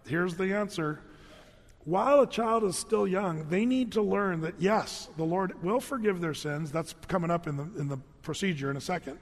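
High-voiced man preaching in a reverberant hall. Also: normal speed. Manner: animated, conversational, joking asides. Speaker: pastor. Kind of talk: storytelling sermon.

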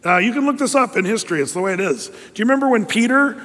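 A man in his fifties, a pastor preaching a sermon in a lively, conversational way and reading scripture aloud. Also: high-pitched, racing, big-room sound.

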